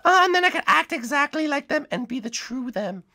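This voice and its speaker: Brief: chirpy tiny pink creature, high and sing-song, bright tone, a man puts it on. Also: big pitch swings, a little fast, heavily acted. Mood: sweet. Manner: sweet, chirpy, eager. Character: cheerful tiny pink blob creature, male.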